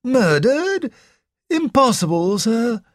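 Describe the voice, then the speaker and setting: A man's voice: very high voice, sing-song, takes it slowly, dry recording, clean studio sound, pitched above the performer's own voice, full character voice. A man voicing a stiff, deferential elderly male butler in an audiobook, who speaks formally and politely and ends his lines with "sir.". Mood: shocked, deferential.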